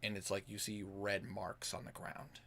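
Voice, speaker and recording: A man's voice: fairly low pitch, little pitch movement, normal speed, vocal fry, sharp tone, a little hiss or hum. A man narrating a tabletop game as game master over voice chat, loose and rambling with many fillers. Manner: loose narration full of "like" and restarts. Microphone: online voice call.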